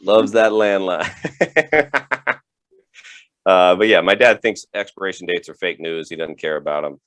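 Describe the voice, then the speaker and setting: A man's voice: low voice, steady tone, moderate pace, a bit bright, no echo. A man doing a rambling stand-up comedy set, chuckling through his own punchlines. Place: home setup for a virtual show.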